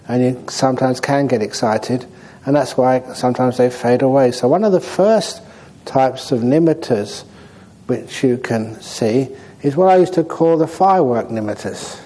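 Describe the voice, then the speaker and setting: Mellow-voiced monk giving a dharma talk. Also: male voice, mid-range voice, low-quality recording. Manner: relaxed, humorous storytelling. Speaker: Buddhist monk and meditation teacher. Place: meditation hall.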